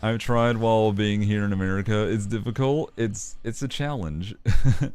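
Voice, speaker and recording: A man's voice: lowish voice, moderate pace, darkish tone, smooth, faint music behind. A man streaming live and chatting casually, laughing often while reading chat aloud and swearing now and then. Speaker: streamer and animator.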